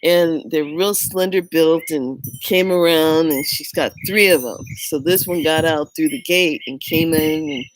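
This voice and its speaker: Low-voiced woman telling a story. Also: unhurried, few pauses, a little hiss or hum, poor audio. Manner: animated, laughing often, acts out quotes. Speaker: vlogger. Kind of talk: casual storytelling vlog.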